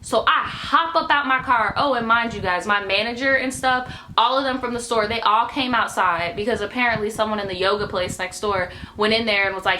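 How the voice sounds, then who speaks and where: A young woman in her twenties telling a story in her vlog, brash, profane and animated. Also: a little high, a little fast, few pauses, slight background noise. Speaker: YouTuber.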